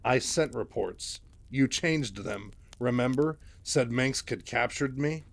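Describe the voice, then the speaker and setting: A man's voice: medium pitch, slow pace, gravelly. A man voicing a tired, unsure male war reporter who speaks hesitantly, in a sci-fi game-lore retelling. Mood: dry. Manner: hesitant, plain-spoken.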